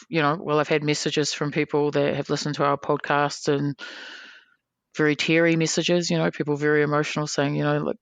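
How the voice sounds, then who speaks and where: A woman tells a long story as a podcast guest, with a gravelly, fry-edged voice. She talks casually and acts out the people she quotes in lively bursts. The sound is dry and close, with no room echo. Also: low-pitched. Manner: animated, swearing freely, acting out quoted people.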